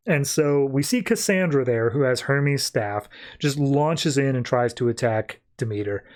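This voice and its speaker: A man's voice: mid-range voice, unhurried, a little mellow. A man hosting a podcast, casually recapping a comic in a chatty, rambling way full of 'like'. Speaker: podcast host.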